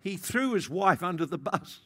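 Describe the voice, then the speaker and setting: A man preaching a sermon, acting out the people he describes and swinging between loud and soft. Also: normal speed. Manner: animated, acts out quoted voices, big swings in pitch and loudness. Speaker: pastor.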